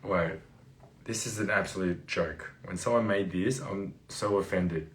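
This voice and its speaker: A man's voice: sits low, measured pace, slight background noise. A man co-hosting a casual livestream chat, teasing and laughing often. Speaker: livestream co-host.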